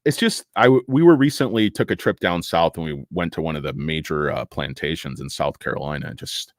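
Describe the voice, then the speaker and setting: A man's voice: very deep voice, brisk, no room sound, studio quality. A middle-aged man from the United States rambling emotionally as a stock market YouTuber, swearing and breaking off with fillers and restarts. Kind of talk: casual rambling monologue.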